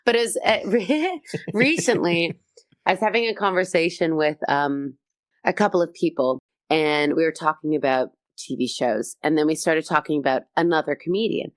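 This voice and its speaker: A woman comedian chatting as a guest in an interview, telling stories with high energy. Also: moderate pace, no echo, clean studio sound. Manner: high-energy, animated storytelling. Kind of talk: casual interview chat.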